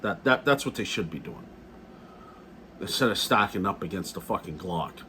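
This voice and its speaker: A man's voice: low-pitched, expressive, moderate pace, pushed and bright, slight background noise. A middle-aged man ranting casually in a video blog, blunt and profane, repeating himself as he talks. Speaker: gun vlogger.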